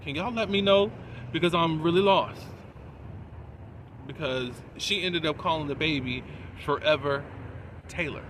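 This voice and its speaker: A man's voice: on the high side, unhurried, long pauses, noisy background. A man giving a casual, chatty recap of a TV episode, laughing between points and asking his viewers questions. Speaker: TV episode reviewer.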